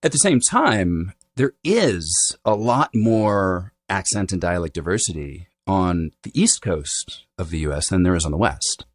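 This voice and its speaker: A man's voice: deep voice, lively intonation, measured pace, few pauses, dry recording. A man who is a dialect coach, answering interview questions in a fluent, lecturing way, often adding "you know" and "right?". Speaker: accent expert and dialect coach, guest.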